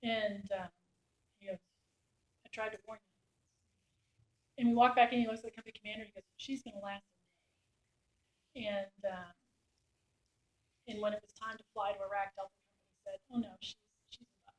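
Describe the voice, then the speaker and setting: A middle-aged woman, a war reporter, telling lively anecdotes to a class and acting out the soldiers' lines. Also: medium pitch, fairly quick, pauses often. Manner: animated anecdote-telling, acts out quoted soldiers. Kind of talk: storytelling talk. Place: lecture room. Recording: echoey room.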